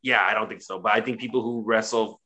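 A man co-hosting a casual wrestling chat, profane and mocking, recapping a show and doing quick impressions. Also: lowish voice, steady tone, pushed and bright, highs cut off. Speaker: wrestling podcast co-host.

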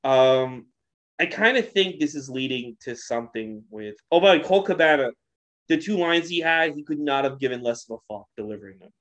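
A man's voice: mid-range voice, lively intonation, moderate pace, fairly bright tone, lo-fi sound. A man in casual podcast chat, often restarting his sentences and swearing offhandedly. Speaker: podcast co-host.

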